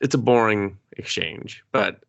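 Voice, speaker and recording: Brief: male podcast co-host, lowish voice, profane, jokey, slips into character voices. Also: a little slow, creaky, fairly bright tone. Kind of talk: casual movie review chat.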